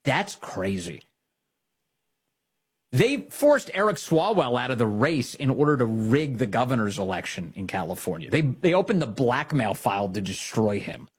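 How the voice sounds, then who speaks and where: A man hosting a political commentary show, talking in an animated, sarcastic way. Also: medium pitch, moderate pace, breathy edge. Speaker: host.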